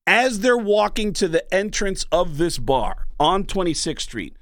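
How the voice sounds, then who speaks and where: A male comedian guest telling stories in a casual, animated way, slipping into voices as he goes. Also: sits high, unhurried, dry recording, studio quality. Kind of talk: casual storytelling.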